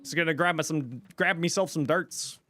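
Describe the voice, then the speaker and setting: A man's voice: a little high, normal speed, bright, forceful tone. A man voicing an easygoing rural Canadian guy with a broad rural Canadian accent, drawling in laid-back slang.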